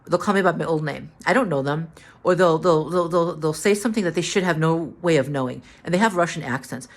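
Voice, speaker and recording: A tired, drained woman telling a story to the camera in a halting way, repeating words and restarting. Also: deep voice. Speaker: vlogger.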